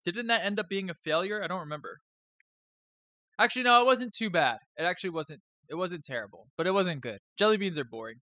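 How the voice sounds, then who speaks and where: A man's voice: high-pitched, lively intonation, quick pace, bright, forceful tone, no echo. A man hosting a live stream, chatting casually in a rambling, joking way with some swearing.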